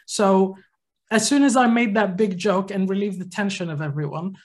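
A man's voice: high voice, moderate pace. A man co-hosting a podcast, casually telling a long anecdote and acting out what people said. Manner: animated anecdotal storytelling, acts out quotes. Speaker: podcast co-host. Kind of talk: casual storytelling chat.

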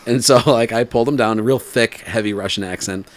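A man in his forties telling a story in casual chat, rambling with fillers and laughing, and putting on animated voices when he quotes people. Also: mid-range voice, brisk. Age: 40s.

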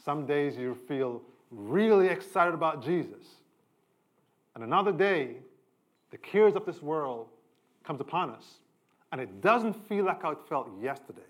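A middle-aged pastor delivers a sermon in a somewhat high voice. His preaching is conversational, and his pitch and volume keep climbing and falling for emphasis. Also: expressive, measured pace.

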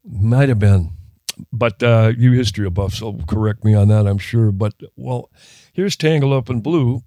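A man's voice: fairly low pitch, moderate pace, mellow, dry recording. Older guy from minnesota rambling through a story, keeps restarting, dry close sound. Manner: rambling, self-interrupting anecdotes with laughs. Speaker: guest musician. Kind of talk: casual storytelling interview.

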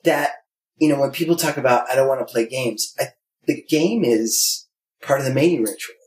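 A man's voice: medium pitch, normal speed, darkish tone. A man talking candidly and animatedly, acting out quoted voices as he tells stories. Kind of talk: candid conversation. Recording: roomy echo.

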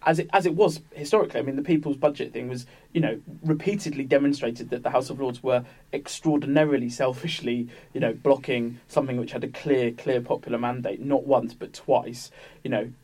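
A man talks quickly in a relaxed panel discussion, piling up asides and restarting his sentences. His pitch sits at an ordinary middle height. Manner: rambling, many fillers and restarts. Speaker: political commentator.

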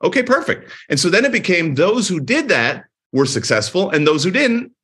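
Bright-voiced man telling lively stories. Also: sits high, moderate pace, slightly rough. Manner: energetic storyteller, acts out quoted dialogue. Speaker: chiropractor with many clinics, podcast guest. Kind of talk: casual interview talk.

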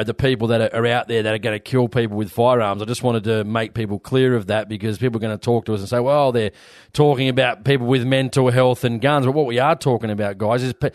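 A man's voice: mid-range voice, dry recording. Easygoing male podcast host, dry sound. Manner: relaxed, easygoing, addresses listeners. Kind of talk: casual chat.

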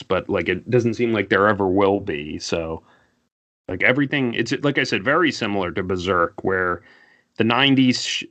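A man's voice: on the low side, pushed and bright. A man co-hosting a podcast in casual chat, filling every phrase with like and you know. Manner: filler-heavy, says like constantly. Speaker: podcast co-host.

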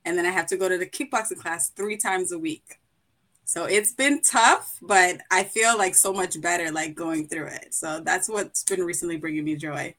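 A woman's voice: lowish voice, normal speed, a bit bright. A woman from Brooklyn who was raised in Boston, a guest author and mental health clinician, chatting in a friendly way and laughing easily. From Brooklyn, New York; raised in Boston. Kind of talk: casual interview chat.

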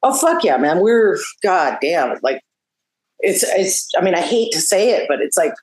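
A woman's voice: on the low side, a little slow, poor audio. A woman rock guitarist talking as an interview guest, swearing freely, laughing often and telling stories with lots of animation. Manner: laughing, profane, animated storyteller. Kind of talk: casual phone interview.

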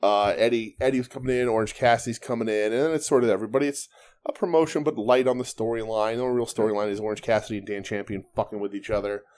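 A man's voice: on the low side, steady tone, rapid-fire, darkish tone. A man in his forties, a podcast co-host, tells a rambling story in casual chat and laughs often.

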